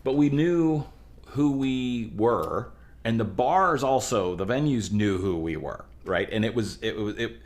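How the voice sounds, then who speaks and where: A man from the Pittsburgh area, a musician guest on a podcast, telling band stories in an animated, rambling way with frequent restarts. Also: medium pitch, measured pace. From Pittsburgh area, USA. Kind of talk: casual chat.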